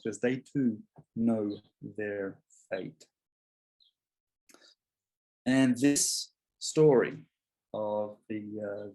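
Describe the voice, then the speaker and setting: Husky-voiced man preaching a sermon. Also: mid-range voice. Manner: conversational, animated, acts out voices of biblical figures. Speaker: pastor. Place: church.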